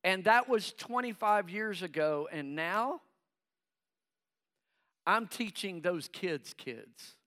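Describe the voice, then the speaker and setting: A middle-aged man preaching in a high, bright voice that rings clear and smooth. He takes his time, speaking slowly and acting out the doubts of nervous believers between calls to the congregation. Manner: preaching with call-and-response asides. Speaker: pastor. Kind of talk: sermon.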